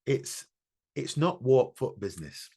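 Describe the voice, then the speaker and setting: A man's voice: medium pitch, very animated, unhurried, gravelly, mellow, slightly rough. A man co-hosting a podcast, telling a personal story in an earnest, reflective way with many restarts. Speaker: podcast co-host. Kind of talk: emotional casual chat.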